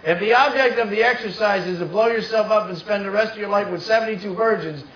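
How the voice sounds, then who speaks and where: Quick and high-pitched, a brash middle-aged male comic from New Jersey works through a stand-up set of storytelling and punchy asides for a live audience. The sound is echoey, distant and muffled, typical of a live room.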